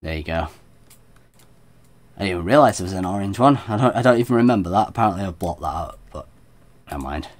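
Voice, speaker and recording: A man's voice: deep voice, expressive, fast, long pauses. A man giving chatty, self-deprecating commentary while streaming a game. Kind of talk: let's play commentary.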